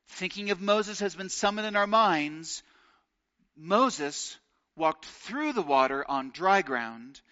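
A man preaching a sermon, earnest and slowing down to stress key phrases. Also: high voice, pushed and bright, lo-fi sound. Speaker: pastor.

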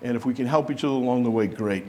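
Man preaching a lively sermon. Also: mid-range voice, racing. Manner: animated preaching, acting out quoted voices. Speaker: pastor.

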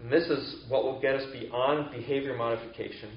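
A man's voice: medium pitch, fairly even intonation, fairly quick, slight background noise. A man giving a sermon in a conversational, explanatory way, with filler words as he teaches. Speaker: pastor. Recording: echoey, distant, dull mic with faint ambience.

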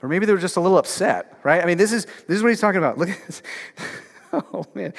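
Talking fast with vocal fry and lively intonation, this high-voiced male pastor preaches conversationally in a church sanctuary. Filler words and emphatic rhetorical questions to the congregation abound, and long hall reverb trails his words.

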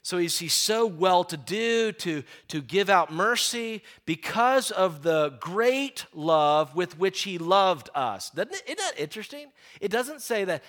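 A middle-aged man preaching a sermon, stressing key phrases slowly and often repeating words as he talks. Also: sits high, lively intonation, fairly bright tone.

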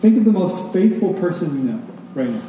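A man's voice: high voice, very animated, a little fast, background noise. Man preaching in an echoey hall. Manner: emphatic, rhythmic preaching with stressed words. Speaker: pastor. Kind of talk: sermon. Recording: echoey hall, distant mic.

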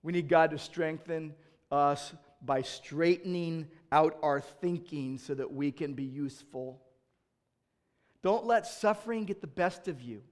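A man with a high, bright-edged voice preaches a sermon. He swings between loud, urgent lines and soft, dropped passages. His stories come with acted-out exchanges. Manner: emphatic, swings between loud urging and quiet, low delivery. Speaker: pastor.

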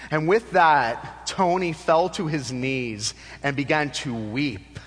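A man preaching a sermon from the pulpit, his voice sitting a bit high for a man. He presses points with rising emphasis, then drops to a hushed, low delivery. The room carries a long church reverb. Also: slow pace, few pauses. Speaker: pastor.

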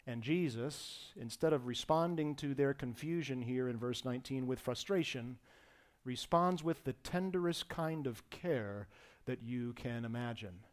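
A male pastor preaching an expository sermon to his congregation, rising to loud emphasis and dropping to a hushed, tender tone. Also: mid-range voice, measured pace.

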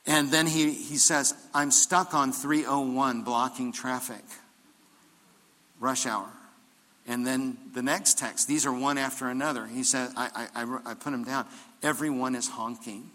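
A man's voice: mid-range voice, steady tone, a little slow, sharp tone, big-room sound. An older man preaching a sermon as pastor, telling stories and rising into emphatic preaching.

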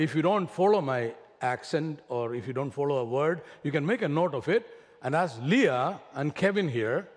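Man, Indian accent, from South India, bishop preaching, light joking manner, reverberant sanctuary. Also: a little high. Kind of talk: sermon opening. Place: church sanctuary. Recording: reverberant church hall.

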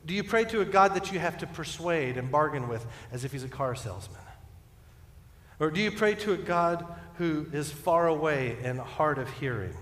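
Pastor, male, somewhat high voice, earnest sermon delivery with emphatic swells, recorded in a reverberant church sanctuary. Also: animated, moderate pace. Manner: earnest preaching, rising to emphatic peaks then dropping soft. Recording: echoey church hall with long reverb.

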